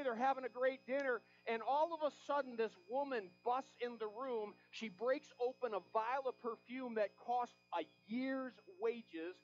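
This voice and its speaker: High-voiced preaching man, faint music. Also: highs cut off. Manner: impassioned, acts out Bible scenes in quoted voices. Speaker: pastor. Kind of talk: sermon.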